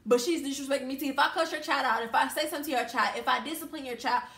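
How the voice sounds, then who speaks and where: A woman's voice: high voice, rapid-fire, a bit bright. A young woman from Louisiana telling a storytime to camera in a blunt, heated, emphatic way. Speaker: vlogger. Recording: echoey room.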